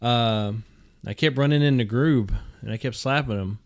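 A young man co-hosting a podcast, talking in a relaxed, hesitant way with casual swearing. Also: mid-range voice, normal speed. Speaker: podcast co-host. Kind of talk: casual chat.

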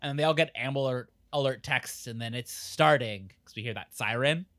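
A podcast co-host retelling a TV episode in casual chat, slipping into quick character voices. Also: mid-range voice, a bit bright, no echo, studio quality.

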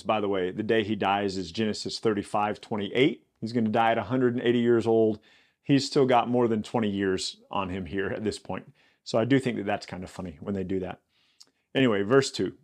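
Guy doing a bible podcast, reads a verse then rambles about it, mid pitch, loose and chatty. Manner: reads scripture then riffs with chatty asides; conversational, many fillers and restarts. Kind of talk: casual Bible reading and commentary.

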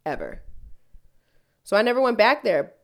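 A woman's voice: mid-range voice, expressive, moderate pace. A woman podcast host telling a story in casual chat, swearing freely and ranting. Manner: profane, heated storytelling rant.

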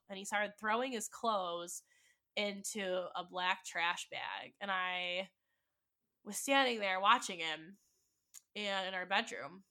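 A woman's voice: mid-range voice, fairly even intonation, measured pace, sharp tone. A woman in her twenties, a podcast host, telling a personal heartbreak story with emotion and swearing, acting out both sides of the dialogue. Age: 20s. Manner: emotional, swearing, quoting dialogue with rising intensity.

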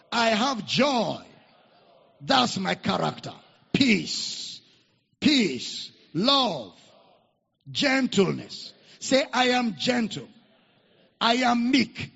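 A man's voice: extremely high pitch, gravelly, bright, forceful tone, slightly rough. A man with a Nigerian accent preaching a sermon, leading the congregation in call-and-response repetition. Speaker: pastor. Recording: echoey hall, dull lo-fi sound.

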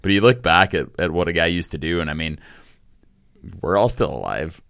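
Lively, low-voiced storytelling man. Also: brisk, vocal fry, no echo, studio quality. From Saskatchewan, Canada. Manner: animated storyteller, laughs often, swears casually. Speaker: podcast guest, comedian. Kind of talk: casual storytelling chat.

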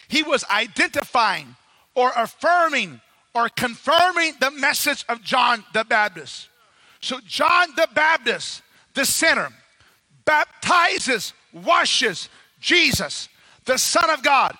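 A male pastor preaching a sermon, dramatic, swinging between shouts and quiet low passages. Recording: long hall reverb.

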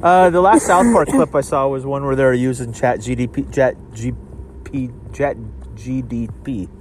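A man's voice: mid-range voice, normal speed, darkish tone, slight background noise. A man co-hosting a casual podcast, joking and laughing often while riding a chairlift. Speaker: podcast co-host. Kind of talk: casual chat. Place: outdoors on a chairlift.

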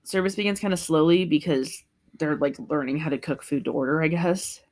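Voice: medium pitch, brisk. Chatty, laughing podcast host. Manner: chatty and laughing, swears freely. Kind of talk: casual recap chat.

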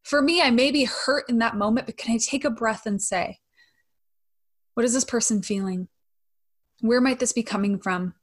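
A woman's voice: a little high, moderate pace, pauses often. Chatty woman podcaster, "right?" a lot. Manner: conversational, frequent "right?" tag questions. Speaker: podcast host. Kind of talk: casual podcast monologue.

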